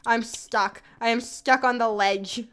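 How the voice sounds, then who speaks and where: Woman streamer, slow bright delivery, playful and dramatic. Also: fairly high pitch, steady tone, smooth. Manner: playful, dramatic outbursts and giggles. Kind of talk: casual gaming chat.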